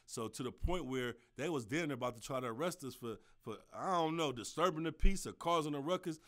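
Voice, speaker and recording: A man telling a story on his podcast in a loose, slangy, animated way, with constant "you dig" and "you feel me" asides. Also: mid-range voice. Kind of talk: casual storytelling monologue.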